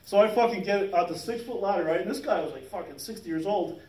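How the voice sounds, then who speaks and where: A man's voice: sits high, fast talker, darkish tone, slight background noise. A man in his fifties telling a rambling, profane work story in casual chat, laughing as he goes. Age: 50s. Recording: roomy sound from a distant mic.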